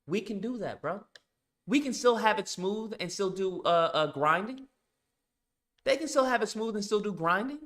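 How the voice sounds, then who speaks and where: Emphatic, bright-voiced man ranting. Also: high-pitched, animated, normal speed. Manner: emphatic, repetitive, swears often. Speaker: streamer and show host. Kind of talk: casual live-stream rant.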